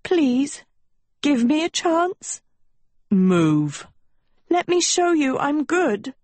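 A woman reading a story, voicing a young girl who pleads in a high, breathy, tearful voice. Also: very animated, drawn-out words, darkish tone, dry recording, heavily acted. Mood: pleading.

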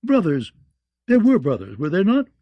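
Narrator doing a fussy knight, raised and higher-pitched, a bit blustery. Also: male voice, huge pitch swings, moderate pace, no room sound, dull audio, heavily acted. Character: fussy, slow-witted male knight.

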